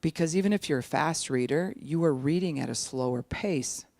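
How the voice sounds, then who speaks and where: Older speaker, recovery outreach talk, animated, middle-pitched voice, dry close recording. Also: dry recording. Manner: animated, acts out quoted voices, sometimes slows speech right down to demonstrate. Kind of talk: informal teaching talk.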